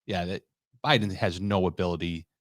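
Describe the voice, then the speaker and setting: A man co-hosting a casual political talk show, wry and quick with joking asides. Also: low voice, steady tone, fairly bright tone, no echo, studio quality.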